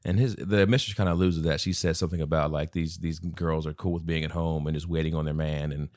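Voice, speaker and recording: A man's voice: extremely low pitch, fairly even intonation, fast, a little mellow, no echo, studio quality. A man co-hosting a podcast, chatting casually about a film, swearing freely and acting out quotes. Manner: laid-back, swears freely, acts out quotes. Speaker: podcast co-host. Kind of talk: casual movie review chat.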